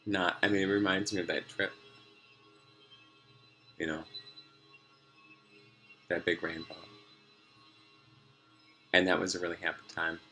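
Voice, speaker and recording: Low-voiced man, rambling diary talk at home, crisp bright tone. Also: flat delivery, a little slow, long pauses, soft background music. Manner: meandering, sidetracked, many fillers, laughs often. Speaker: vlogger. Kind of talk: rambling personal video diary. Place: room at home at night.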